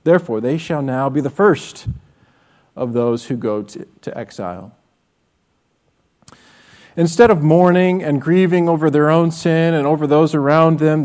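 A man's voice: on the high side, a little mellow. A man preaching a sermon as pastor, earnest and direct, often asking his listeners rhetorical questions. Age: adult with children.

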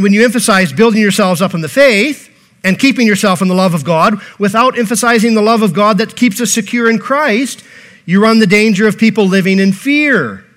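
A man's voice: high-pitched, a bit bright. A pastor preaching a sermon, earnest and repeating key phrases, posing rhetorical questions to his congregation.

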